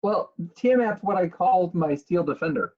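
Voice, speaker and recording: Husky man on a muffled mic. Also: sits high, lively intonation, normal speed. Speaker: player. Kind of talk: tabletop game play over voice chat.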